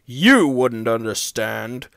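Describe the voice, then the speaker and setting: A man's voice: mid-range voice, sing-song, slow pace, gravelly, fairly bright tone, clean tone, dry recording, clean studio sound, heavily acted. A man voicing a proud, pompous big male steam engine who talks in a haughty, huffy way.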